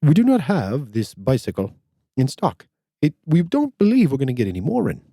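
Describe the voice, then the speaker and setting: A man's voice: mid-range voice, wildly swooping pitch, moderate pace, dark tone, no echo, studio quality, voice pushed up. Older man mimicking a stiffly polite store clerk. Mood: formally polite. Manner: stiff, courteous, keeps saying sir. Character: overly polite formal male store associate.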